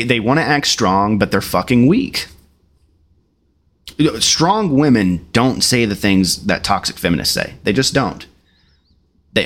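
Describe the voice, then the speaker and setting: Guy ranting on his podcast, swearing a lot, voice jumps up and down, mocking stuff. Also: a bit bright. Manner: blunt, profane, mocking; mimics rappers in a high voice. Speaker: podcast host. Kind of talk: casual commentary reacting to clips.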